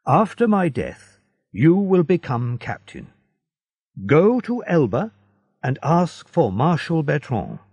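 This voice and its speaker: A man's voice: fairly high pitch, huge pitch swings, slow, a little mellow, husky, no room sound, pitched above the performer's own voice, heavily acted. A man voicing a dying male ship captain who makes solemn, urgent requests.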